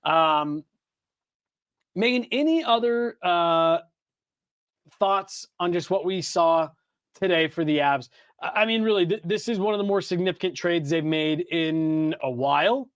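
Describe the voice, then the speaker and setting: High-voiced man talking hockey, dry sound. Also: a little slow, clear, resonant tone, dry recording. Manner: rambling, animated, many fillers and restarts. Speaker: podcast co-host. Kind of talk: casual hockey podcast chat.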